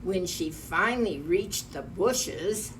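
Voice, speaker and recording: A woman reads a children's picture book aloud at an unhurried pace, pausing to point at the pictures. Her voice is recorded from some distance off the mic, with a faint hum underneath. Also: lowish voice, animated. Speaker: storyteller.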